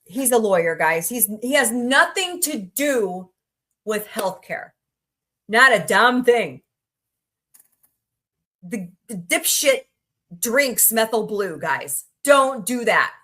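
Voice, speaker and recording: A woman's voice: fairly high pitch, sing-song, slow pace, long pauses, a bit bright. A woman hosting a casual livestream, chatting, greeting viewers by name and rambling through asides. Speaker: livestream host.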